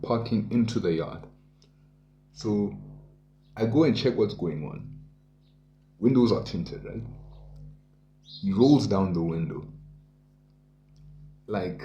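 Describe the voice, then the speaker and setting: A man's voice: fairly low pitch, warm tone, echoey room, slight background noise. A young South African man casually telling a personal story, full of township slang and voiced asides. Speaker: podcast host.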